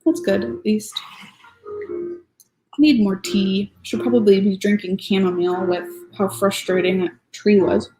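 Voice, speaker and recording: Slow-talking woman streamer with a gravelly voice. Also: mid-range voice, fairly even intonation, rough recording. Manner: chatty, self-deprecating, playfully grumbling. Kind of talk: casual commentary while building a model. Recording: soft music playing behind.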